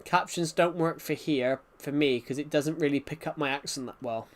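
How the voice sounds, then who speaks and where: Rambling man with a thick accent. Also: fairly high pitch. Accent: thick regional accent. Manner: rambling, halting, many restarts. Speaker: streamer. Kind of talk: live-stream chat while gaming.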